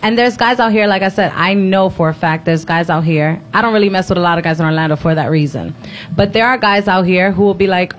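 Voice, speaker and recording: A woman's voice: mid-range voice, quick pace. A woman in her thirties chatting casually, frank and emphatic, with plenty of swearing. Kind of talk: casual chat.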